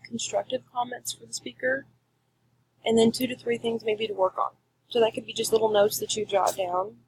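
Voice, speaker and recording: A woman teaching a class, giving clear, emphatic instructions in a recorded lecture. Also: medium pitch, slight background noise, poor audio.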